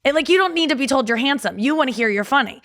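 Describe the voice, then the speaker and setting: A woman comedian appears as a podcast guest, trading frank, bawdy stories in casual chat and animatedly acting out the quotes. Her voice is high-pitched and she talks very fast.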